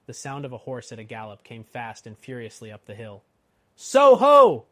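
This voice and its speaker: A man narrating a classic novel as an audiobook in a steady, expressive reading. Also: on the low side, fairly quick, no room sound, studio quality. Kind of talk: scripted narration.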